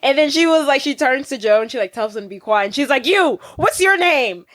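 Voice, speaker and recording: A woman's voice: high voice, fast talker. A young woman in her twenties co-hosting a casual podcast, telling stories with lots of laughter. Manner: giggly, animated storytelling. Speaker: podcast co-host. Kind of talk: casual chat.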